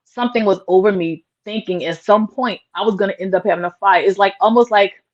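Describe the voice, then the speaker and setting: A woman's voice: medium pitch, brisk. A woman guest in an interview, telling a personal story in an earnest, emotional way, with lots of "like" fillers. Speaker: interview guest, small business owner. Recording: dull lo-fi sound.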